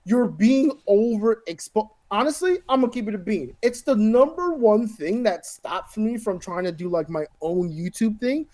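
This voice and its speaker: With a high voice at normal speed and hardly any pauses, a man co-hosts a podcast in casual chat, recorded dry. He's profane and animated, acting out other people's voices as he tells a story.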